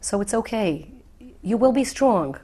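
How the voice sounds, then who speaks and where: A middle-aged woman, herself widowed, speaking gently and earnestly to grieving women with reassuring repetition. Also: medium pitch, animated, measured pace, slightly rough. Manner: soft, earnest, reassuring, repeats key phrases. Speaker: widow giving advice to the bereaved. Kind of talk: gentle heartfelt talk to the viewer.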